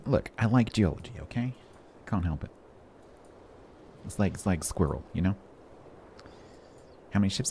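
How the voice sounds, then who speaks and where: A man's voice: deep voice, sing-song, moderate pace, long pauses, warm tone, a little hiss or hum. A man streaming a game, chatting casually with his chat and reading update notes aloud, breaking off to joke and answer questions.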